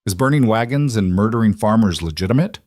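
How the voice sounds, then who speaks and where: A man voicing a stubborn frontier town marshal who speaks quietly and firmly. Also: lowish voice, animated, fast talker, dry recording, clean studio sound. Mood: defiant. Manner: quiet, firm.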